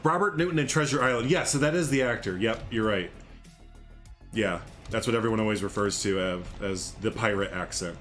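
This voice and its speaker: Fast-talking man with a Chicago accent. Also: on the low side, a bit bright, soft background music. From American Midwest. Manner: fast-talking, chatty, laughs often. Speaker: streamer. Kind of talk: casual game stream chat.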